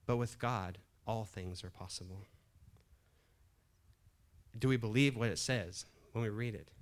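A man's voice: fairly low pitch, a little slow. A middle-aged man preaching a sermon in a conversational way, often restarting phrases and building emphasis. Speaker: pastor.

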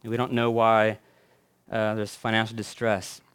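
A man preaching a sermon as a pastor. He tells a story with building phrases and hushed endings, then reflects with pauses and fillers. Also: on the low side, monotone, clean tone.

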